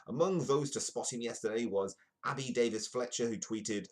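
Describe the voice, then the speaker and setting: A man's voice: medium pitch, normal speed, hardly any pauses. A man hosting a comedic live news show, reading newspaper stories aloud and breaking off for jokey asides. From United Kingdom. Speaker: host.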